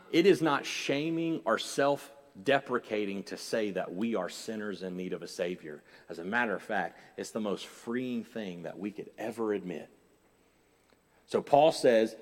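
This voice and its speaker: A man preaching a sermon as pastor, swinging between loud urgent exhortation and quiet, conversational storytelling. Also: lowish voice, normal speed, big-room sound.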